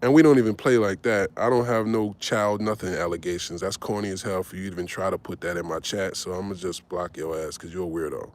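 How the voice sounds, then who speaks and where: Animated storytelling man in his forties. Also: low-pitched, quick pace, hardly any pauses. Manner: animated, swearing, tags lines with "right?". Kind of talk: casual storytelling.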